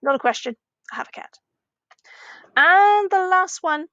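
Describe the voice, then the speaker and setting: A woman teaching a recorded lesson for children, slowly modelling phrases with a clearly rising question tone and patient, encouraging talk. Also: very high voice, expressive, sharp tone, no echo, lo-fi sound. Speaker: primary Spanish teacher.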